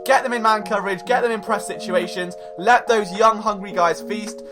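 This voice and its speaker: A man's voice: sits high, fairly even intonation, moderate pace. Man, podcast host, casual and jokey, loose rambling delivery, music playing behind. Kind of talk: casual sports podcast talk.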